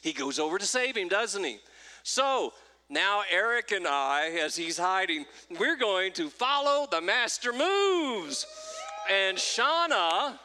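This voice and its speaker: A man leading a church service as pastor, talking in a playful, joking way and laughing at himself. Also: sits high. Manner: animated and jokey, laughs at himself. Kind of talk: playful church talk to a congregation.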